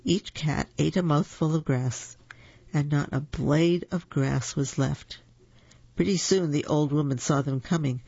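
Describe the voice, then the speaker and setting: A storyteller reading children's picture books aloud in a slow, gentle and expressive way. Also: medium pitch, vocal fry, breathy edge, no echo. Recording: dull lo-fi recording.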